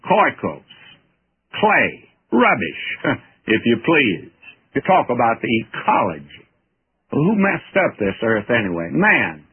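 A man's voice: medium pitch, huge pitch swings, slow, breathy edge. A man teaching the Bible verse by verse in a folksy, earnest, emphatic way. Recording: tinny old radio broadcast.

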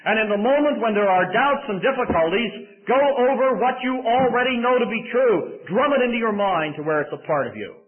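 A man's voice: extremely high pitch, expressive, a little fast, few pauses. A middle-aged man preaching a sermon in an earnest way that rises to emphatic bursts. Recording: tinny phone-like sound.

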